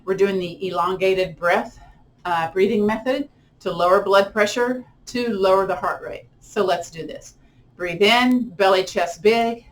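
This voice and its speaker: A middle-aged yoga and tai chi instructor with a medium-pitched voice teaches gentle yoga. She guides breathing and a body-scan meditation in slow, soothing cues, counting the breaths.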